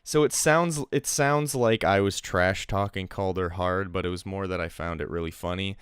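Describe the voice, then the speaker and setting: Smooth-voiced man co-hosting a podcast. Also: deep voice, moderate pace, no room sound, studio quality. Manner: amused, laughs while reading emails aloud. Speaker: podcast co-host. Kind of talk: casual comedy podcast chat.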